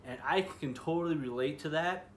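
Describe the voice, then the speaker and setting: A man's voice: on the high side, fairly quick. Young guy, earnest and chatty, talking to students about faith, faint hiss behind him. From Chicago area, US. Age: 20s. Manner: earnest, chatty, full of "you know" and "like". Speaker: youth ministry speaker. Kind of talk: casual devotional talk to students.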